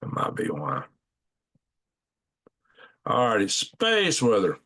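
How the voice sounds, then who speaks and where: A man's voice: lowish voice, huge pitch swings, slow, sharp tone. A man hosting a casual live stream, rambling in a folksy way and thinking aloud as he clicks through maps at home at night. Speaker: channel host.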